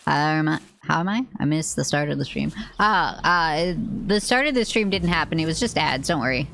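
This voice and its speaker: A young woman streaming a game, chatting playfully with friends and chat, rambling and swearing with sudden high yelps. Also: expressive, moderate pace, creaky, a bit bright, slight background noise. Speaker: VTuber streamer. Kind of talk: casual gaming stream chat.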